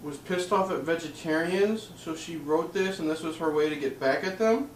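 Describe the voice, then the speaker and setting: Guy recapping a movie plot, bit high voice, echoey room, mic kinda far. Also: moderate pace, slight background noise. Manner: recapping with frequent laughs. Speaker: co-host. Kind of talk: casual movie review chat.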